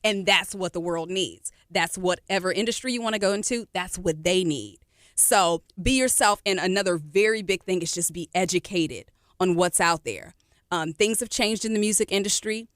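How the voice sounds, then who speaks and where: Woman, singer guest, fairly low voice, dry close studio sound, animated and encouraging. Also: moderate pace, no room sound. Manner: animated, encouraging, with frequent fillers. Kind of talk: casual radio interview. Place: radio studio.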